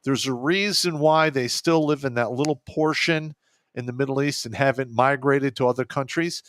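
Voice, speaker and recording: A man in his fifties, an Army veteran co-host, talking in terse, gruff bursts and keeping things short. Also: mid-range voice, moderate pace, a bit bright, no echo. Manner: terse, gruff, agreeing interjections. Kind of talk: casual political talk show.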